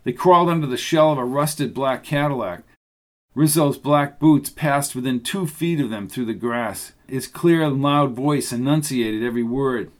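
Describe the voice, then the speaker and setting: Male narrator, mid pitch, steady even storytelling read. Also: normal speed. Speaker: audiobook narrator. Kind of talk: scripted narration.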